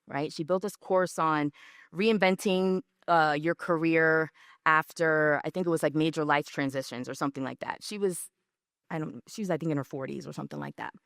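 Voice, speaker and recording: A woman speaking at a business session gives a conversational presentation, telling stories and often checking in with "right?" and "okay?". Her voice is deep and creaky with a fairly bright tone, recorded dry and studio-clean.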